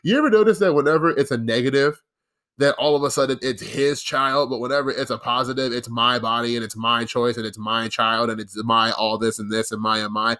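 A man's voice: mid-range voice, steady tone, fairly quick, sharp tone. A young man hosting his own podcast, talking alone in a casual, ranting, sarcastic way with frequent restarts. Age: young adult. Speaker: podcast host. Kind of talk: casual solo podcast monologue.

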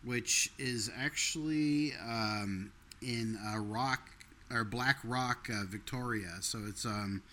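Podcast co-host, male, very bright tone, rambling delivery full of fillers and laughs. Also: medium pitch, slow pace, slight background noise. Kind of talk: casual chat.

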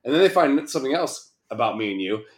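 Guy rambling and cussing through casual banter, mid-pitched voice, roomy echo. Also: sing-song, quick pace. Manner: rambling, swears a lot. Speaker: podcast co-host.

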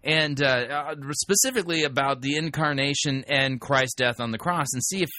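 Bright-voiced male talk radio host. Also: medium pitch, moderate pace, no echo. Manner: conversational, emphatic, many restarts.

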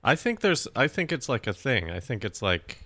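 A man's voice: medium pitch, very animated, moderate pace, a bit bright, no echo. A man co-hosting a podcast in casual chat, questioning and pushing back on his partner's claims. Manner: skeptical, questioning, pushes back. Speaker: podcast co-host.

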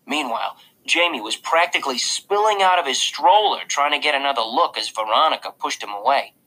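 Bright, husky male audiobook narrator. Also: on the high side, fairly quick, poor audio. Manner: casual, confiding. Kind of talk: first-person audiobook narration.

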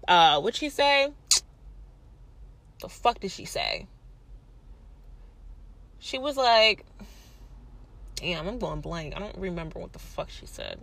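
A young woman telling a story in a casual monologue, animated and indignant, with heavy profanity. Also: medium pitch, slow pace, creaky, long pauses, no echo. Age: young adult. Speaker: vlogger.

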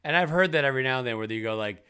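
A man in his thirties or forties co-hosting a casual comedy podcast, joking and acting out phone calls in quick voices. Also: medium pitch, lively intonation, pushed and bright, smooth. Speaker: podcast co-host.

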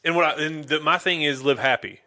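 A man's voice: on the high side, fairly quick, bright, forceful tone. A young man from North Carolina with a Southern accent, talking earnestly in casual chat and often restarting his sentences. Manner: earnest, thinks aloud with frequent restarts.

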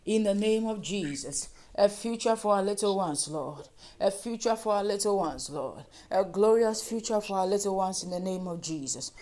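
A woman's voice: mid-range voice, moderate pace, a little mellow. A woman leading fervent group prayer, repeating petitions and breaking into speaking in tongues. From Africa. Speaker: prayer leader.

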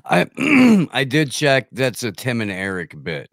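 A man guesting on a podcast, chatting casually with a deadpan, hesitant delivery. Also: mid-range voice, unhurried, dry recording, clean studio sound. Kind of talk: casual comedic chat.

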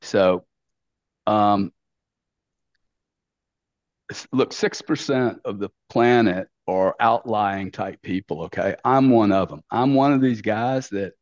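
A man's voice: fairly low pitch, slow, pauses often, no room sound. A middle-aged man, telling stories as a podcast guest in a brash, blunt way, full of slang and swearing. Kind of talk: casual storytelling interview. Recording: dull dry lo-fi sound.

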